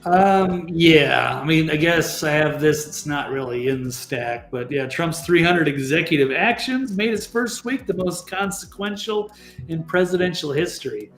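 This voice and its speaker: This is a man with a slightly high voice, a guest on a political chat show. He talks bluntly, swears casually and sounds fed up with the people he is criticizing. His voice bounces around an echoey room, with faint music behind him. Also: normal speed. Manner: blunt, profane and exasperated.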